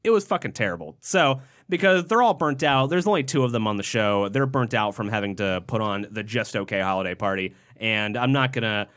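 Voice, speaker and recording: A man's voice: on the low side, lively intonation, fairly quick, hardly any pauses, fairly bright tone. Young man hosting a profane podcast. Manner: reads quotes aloud with jokey asides, swears freely. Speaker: podcast co-host. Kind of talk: casual podcast chat.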